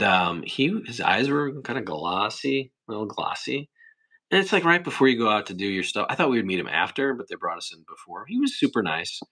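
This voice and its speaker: A man's voice: on the low side, sharp tone, husky. A man hosting a casual livestream, chatting and reading viewer comments in a rambling, talkative way. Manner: rambling, chatty, quick asides. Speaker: livestream host.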